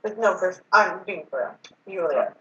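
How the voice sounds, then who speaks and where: A woman's voice: on the low side, expressive, a little fast, pushed and bright. Nervous, rambling young woman, far off. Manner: nervous, rambling, laughing often. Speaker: woman talking with her ex. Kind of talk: casual chat. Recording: distant roomy muffled mic with faint hiss.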